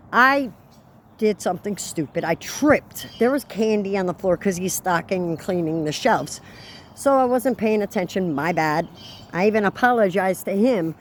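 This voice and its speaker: A woman telling a storytime rant as a vlogger, exasperated, dropping into low asides and then rising into raised outbursts.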